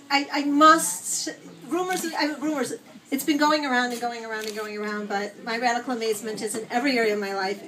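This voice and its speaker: Laughing woman in her sixties, speaking from afar. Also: high voice. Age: 60s. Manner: rambling, laughing, animated storyteller. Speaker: birthday celebrant giving a speech. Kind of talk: party speech, storytelling. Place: outdoor party. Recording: voice from a distance.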